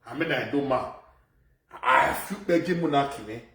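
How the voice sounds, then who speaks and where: A man with a Nigerian Pidgin accent, ranting loudly in a casual live video, repeating phrases and laughing between points. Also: medium pitch, moderate pace, gravelly, far from the mic, a little hiss or hum. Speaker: social media commentator. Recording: echoey room, voice away from mic.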